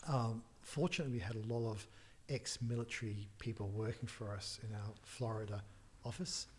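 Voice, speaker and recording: A middle-aged man, a tech entrepreneur as interview guest, telling anecdotes with laughs and quick restarts. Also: on the low side, steady tone, a little mellow, breathy edge. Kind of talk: casual storytelling in a podcast interview.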